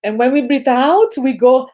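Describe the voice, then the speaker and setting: Italian-accented woman, laughter yoga teacher, mellow tone, slightly high voice, on a video call. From Italy. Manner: energetic, instructive, chanting ho ho ha ha. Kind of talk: guided group exercise session.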